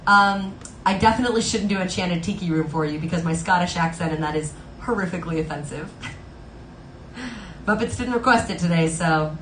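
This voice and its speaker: A woman's voice: on the low side, a little fast, a little hiss or hum. Chatty woman streamer, roomy echo. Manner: chatty, bubbly, fillers like "like". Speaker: live streamer and singer. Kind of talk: casual chat with viewers between songs. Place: Los Angeles home.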